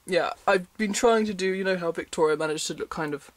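At night in his bedroom, a man chats casually to camera from bed in a vlog, rambling, poking fun at himself and often dissolving into giggles. His voice is high-pitched and a little fast, and the recording is dry.

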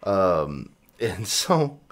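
A man's voice: sits low, very animated, very slow. A young man from Texas co-hosting a podcast, telling stories in casual chat and acting out other people's lines. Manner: laughing storyteller, acts out quoted voices. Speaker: podcast co-host.

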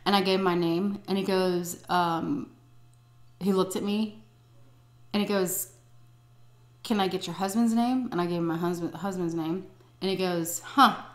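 A woman's voice: fairly low pitch, level tone, moderate pace, roomy sound. Blunt, profane middle-aged woman storyteller. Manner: blunt and profane, vivid retelling. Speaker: storytime vlogger. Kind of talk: casual storytelling. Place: indoors at home, eating on camera.

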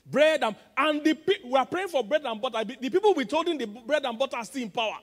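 A man with a Nigerian accent, a pastor preaching a sermon with emphatic call-and-response, swinging between loud and soft. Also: very high voice, lively intonation, fast talker, long reverb tail. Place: large church auditorium.

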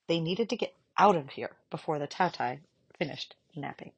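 A woman reading a children's novel aloud in a calm, measured narration. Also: low voice, gravelly, slightly rough. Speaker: audiobook reader. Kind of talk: storybook narration.

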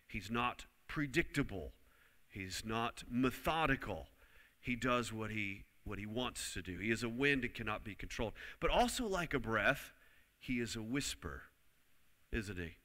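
A man's voice: on the low side, bright, forceful tone. A man preaching a sermon, emphatic, repeating key lines and leading the congregation to say them back. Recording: long hall reverb.

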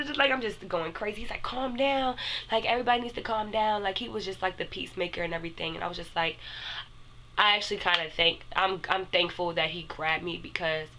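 A young woman, casually telling a personal story to her viewers, animated and chatty. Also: fairly low pitch, slight background noise. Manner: animated, addresses viewers as "y'all". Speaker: vlogger.

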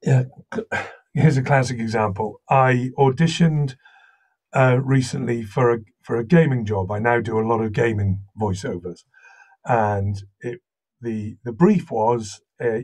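Man, slight Welsh accent, casual guest chat, lively anecdotal storyteller, medium pitch. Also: a little slow. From Wales. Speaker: guest voice actor.

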